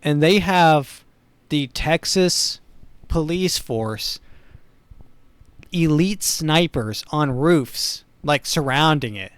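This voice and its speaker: A man hosting a comedy podcast, delivering a rambling, sardonic monologue full of dark humor. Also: a little high, animated, extremely slow, smooth, no echo. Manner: sardonic, rambling, dark humor, chuckles at his own jokes. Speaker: podcast host.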